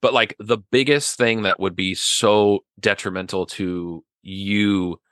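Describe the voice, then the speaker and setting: In a casual podcast chat, a man talks earnestly and at length, rambling and filling his speech with "like" and "right?". His voice sits on the low side, fairly even in intonation, slow and fairly bright, in a dry recording.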